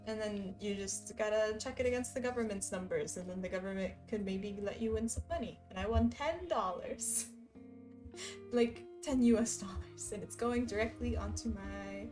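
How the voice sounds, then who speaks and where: With a medium pitch and a darkish tone, a young woman chats on a livestream as she stitches. She laughs a lot and reads messages from her chat out loud.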